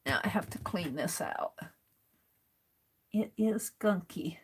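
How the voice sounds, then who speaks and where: A woman's voice: on the low side, lively intonation, takes it slowly, long pauses, slight background noise. An American woman hosting a craft livestream, chatting casually and muttering to herself as she sorts through supplies.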